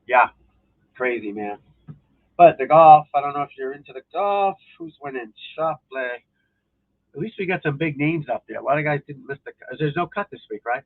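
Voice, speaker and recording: A man with a gravelly, rough-edged voice chats loosely and profanely on his own live stream, wandering from sport to sport. The sound is thin and tinny, as if it came over a phone line. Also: fairly high pitch, animated, normal speed. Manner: loose, profane, talking to viewers while flipping channels. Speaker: golf instructor hosting a live stream. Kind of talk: casual rambling live-stream chat.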